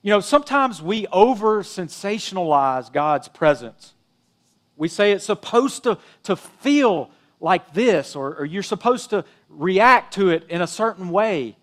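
High-voiced pastor preaching conversationally. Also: male voice, lively intonation, a little slow. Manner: conversational preaching, rising and dropping emphasis, frequent "you know". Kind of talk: sermon.

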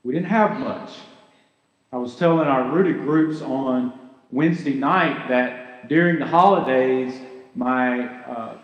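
A man's voice: medium pitch, muffled recording. Man preaching in an echoey hall. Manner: earnest, conversational preaching with rhetorical questions. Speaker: pastor. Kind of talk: sermon.

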